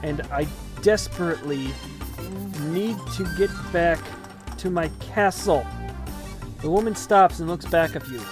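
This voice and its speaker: A woman's voice: fairly low pitch, unhurried. A woman playing a text adventure game, reading it aloud and tossing in wry, sweary asides. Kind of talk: reading aloud and commenting while typing. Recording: music playing underneath.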